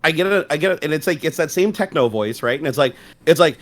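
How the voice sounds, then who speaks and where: A man's voice: a little high, expressive, fast talker. A middle-aged man on a casual livestream, telling stories in a loose, profane way and laughing often. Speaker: streamer co-host.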